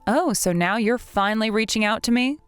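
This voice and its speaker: Indignant young woman, firm, voiced by a woman, slightly high, dry close sound. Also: fairly quick, clear, resonant tone, no room sound, soft background music, close to an everyday voice. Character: fed-up young woman confronting her rival. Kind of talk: text-message drama reading.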